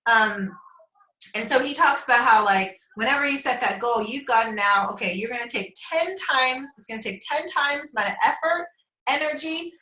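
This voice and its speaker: A woman's voice: high voice, expressive, moderate pace, sharp tone. A woman chatting casually on a group call, rambling, laughing often and swearing casually. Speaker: team member on a group call. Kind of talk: casual chat. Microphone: conference call line. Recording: echoey room.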